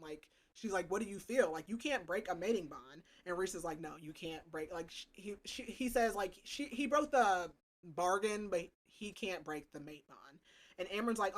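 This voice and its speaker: A young woman co-hosting a podcast, recapping a novel in casual chat, animated and filling her talk with "like" and "um". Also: lowish voice, moderate pace. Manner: animated, full of "like" and "um". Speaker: podcast co-host.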